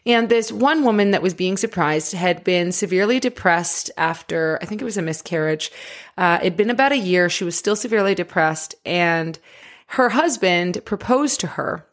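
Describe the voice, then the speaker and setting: A woman life coach giving a motivational talk in an animated way, laughing often. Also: on the low side, moderate pace.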